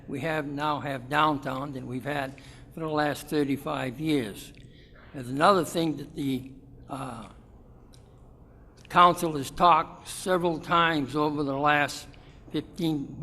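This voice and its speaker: A man speaking up at a town meeting, explaining a point in a halting way, with restarts and fillers. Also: a little high, fairly bright tone. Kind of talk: public comment. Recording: long hall reverb.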